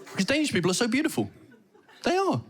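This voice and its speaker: A British man doing stand-up comedy, telling animated stories and trying out mock Danish phrases. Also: very high voice, fast, slightly rough. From Britain. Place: theater stage before a laughing audience.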